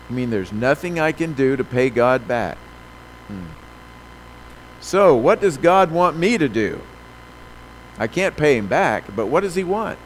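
A man preaching a sermon, reading scripture slowly and with emphasis, then telling folksy stories with many fillers. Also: mid-range voice, sing-song, a little hiss or hum, poor audio. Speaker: pastor.

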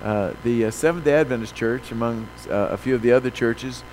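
A man preaching a sermon, reading scripture slowly and with emphasis, then telling folksy stories with many fillers. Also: mid-range voice, a little mellow, slight background noise, poor audio. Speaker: pastor.

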